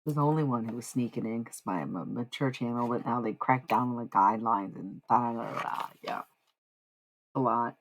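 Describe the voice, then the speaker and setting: Gravelly, chatty live streamer. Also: mid-range voice, a little hiss or hum, low-quality recording. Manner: loose and chatty, swearing freely, laughing; slow, deliberate reading of the passages. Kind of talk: casual live-stream chat, reading spiritual passages aloud.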